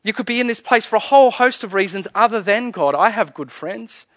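A man preaching a sermon as pastor, earnest, often chuckling and sinking to a hushed, soft delivery. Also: high-pitched, fairly quick, no room sound.

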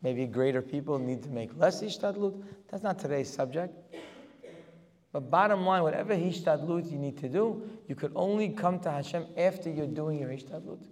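A man's voice: fairly high pitch, normal speed. Man lecturing with rhetorical force, hall reverb. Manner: rhetorical questions, rising to forceful emphasis. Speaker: Torah teacher. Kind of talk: religious lecture.

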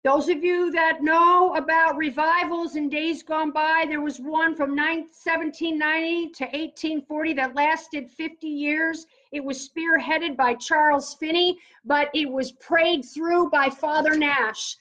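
A woman's voice: sits high, steady tone, unhurried, hardly any pauses, fairly bright tone. A woman preaching on prayer, reading scripture aloud and commenting on it fervently. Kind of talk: teaching on prayer. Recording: dull lo-fi recording.

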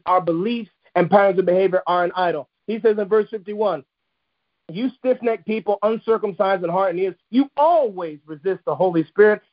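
A man's voice: high voice, dull audio. A man preaching a sermon, emphatic and repetitive, driving points home with restated phrases. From United States.

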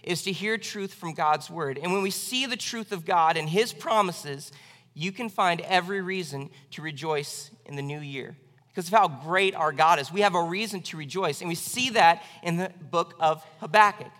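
A man's voice: on the high side, normal speed, pushed and bright. A male pastor preaching a sermon with earnest emphasis, lifting his voice on the strongest lines. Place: church sanctuary. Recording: church hall reverb.

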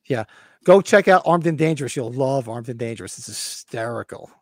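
A man's voice: medium pitch, lively intonation, fairly quick, no echo. A man in his fifties hosting a casual podcast, talking with rambling enthusiasm and swearing freely. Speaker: podcast host.

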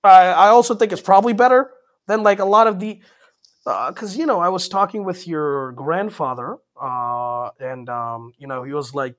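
A young man in casual chat, excitable and quick to swear, often trailing off and restarting. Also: a little high.

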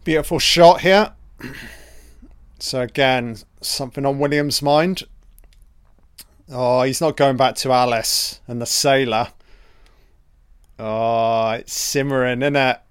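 A man giving a casual, profane watch-along commentary on a film, reacting out loud to what is on screen. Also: medium pitch, slow, long pauses, smooth, no room sound, studio quality.

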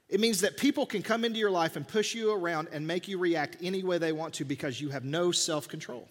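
A middle-aged man preaching a sermon as a pastor, animated and jokey, pushing his voice up for emphasis. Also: a little high, fast talker, few pauses. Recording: long hall reverb.

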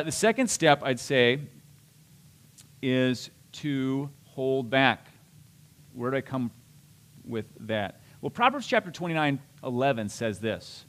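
A man's voice: medium pitch, fairly bright tone. A middle-aged man preaching a sermon as a pastor, conversational and self-deprecating, with restarts and asides.

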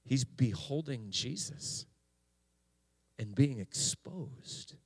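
Slow-preaching pastor, a man. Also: medium pitch, animated, husky. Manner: slow, halting delivery with restarts, rising to impassioned preaching. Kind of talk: sermon.

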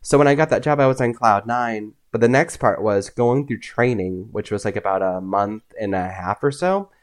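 A young man, a podcast guest, telling personal stories in a casual, animated way, often acting out what others said. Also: lowish voice, moderate pace. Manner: animated, acts out voices in his anecdotes. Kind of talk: casual storytelling.

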